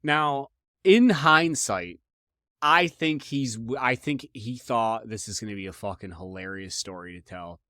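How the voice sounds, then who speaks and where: A man's voice: medium pitch, unhurried, no echo, clean studio sound. A young man hosting a podcast, telling stories casually with a lot of swearing, repetition and restarts. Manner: profane, animated, repeats himself. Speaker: podcast host. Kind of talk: casual comedic storytelling.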